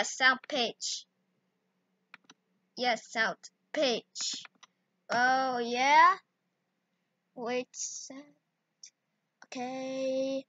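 Slow, bright-voiced excitable woman. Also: sits high, dry recording. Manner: excitable exclamations, broken English. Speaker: video editing tutorial maker. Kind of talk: casual screen-recorded tutorial. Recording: dull lo-fi recording.

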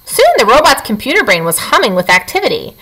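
A woman's voice: fairly high pitch, fast, poor audio. A woman reading a chapter book aloud as a teacher, telling the story expressively. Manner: expressive, animated.

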